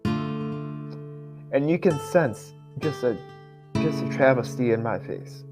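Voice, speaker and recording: An emotional male guest with a mid-range voice speaks earnestly about his feelings. Guitar music plays clearly under him throughout. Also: medium pitch, animated, slow. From immigrant. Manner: earnest, emotional, reads his own post aloud. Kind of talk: emotional interview talk.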